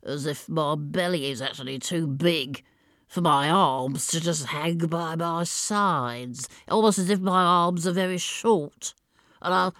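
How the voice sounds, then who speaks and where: A woman's voice: on the low side, fairly bright tone, no echo, clean studio sound. A woman putting on the voice of a portly, pompous older man, with a wet mouth, a lisp and audible breathing as she pontificates. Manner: pontificating, slow and thick-throated. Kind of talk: demonstrating a character voice.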